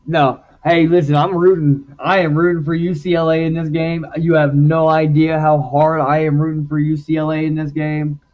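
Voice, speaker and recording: A man's voice: fairly high pitch, little pitch movement, normal speed, hardly any pauses, muffled recording. A man co-hosting a casual sports chat show, talking animatedly about his game picks. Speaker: podcast co-host.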